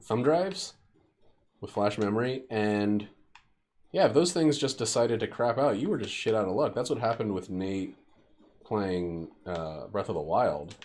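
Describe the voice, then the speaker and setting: A man's voice: fairly low pitch, a little slow, a little mellow. A young man streaming a game, rambling and joking profanely as he plays. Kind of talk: casual gameplay commentary.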